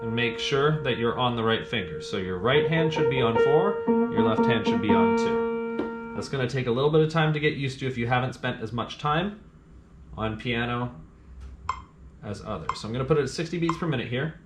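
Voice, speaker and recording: A man's voice: mid-range voice, animated, normal speed. A male piano teacher patiently explaining a scale exercise, counting beats aloud as he plays. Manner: counts beats aloud and hums rhythms while playing; patient, plain instructions to the learner. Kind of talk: step-by-step music lesson. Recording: roomy sound with piano playing.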